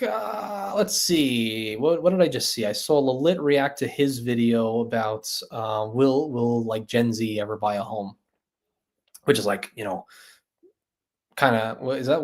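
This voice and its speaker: Man, livestream host, casual rambling chat, laughs often, mid-pitched voice. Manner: rambling, laughing, doing impressions of other creators. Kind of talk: live-stream chat.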